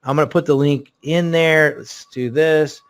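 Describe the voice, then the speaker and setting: A man hosting a live sales webinar, telling a story in an excitable, rambling way full of fillers. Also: on the high side, unhurried. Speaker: webinar host selling a course.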